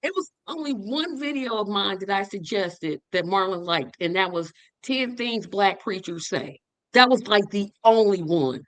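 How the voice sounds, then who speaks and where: A woman hosting a memorial livestream, telling stories with animated, rising quotes. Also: moderate pace, no echo. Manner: animated storytelling, voice jumps high when quoting. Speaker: podcast host. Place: online stream.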